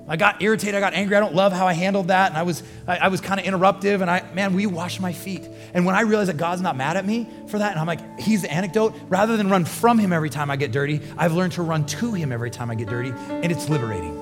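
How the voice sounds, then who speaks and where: A man preaching with a high, quick voice, talking to his listeners in a close and conversational way. His words ring out in a big church hall with a long echo, and music plays under him. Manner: earnest, conversational preaching with rising emphasis. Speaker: pastor. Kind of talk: sermon.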